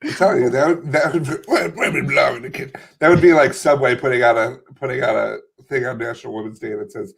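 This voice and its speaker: Man in the middle pitch range cracking quick teasing jokes, podcast co-host. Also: vocal fry, breathy edge. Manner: laughing, teasing, quick comic riffs. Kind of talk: casual comedic chat.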